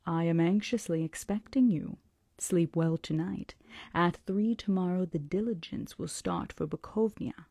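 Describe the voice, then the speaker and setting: A courteous old nobleman's letter, read in a slow, hushed half-whisper with formal politeness, by a woman reading aloud. The voice is low, mellow and dry, close and quiet like a storybook at night. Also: no echo.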